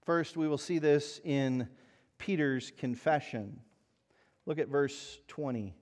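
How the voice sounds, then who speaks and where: A man's voice: a little high, slow, a little mellow. A man preaching a sermon in an earnest, emphatic way, asking the listeners pointed rhetorical questions. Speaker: pastor.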